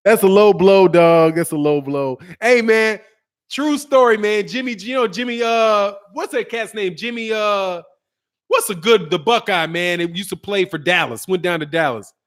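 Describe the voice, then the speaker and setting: A middle-aged man with a notably high speaking voice riffs loosely on a live stream, teasing and trash-talking in easy banter. He laughs often and keeps the jokes coming, a regular commentator from the Chicago area. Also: normal speed.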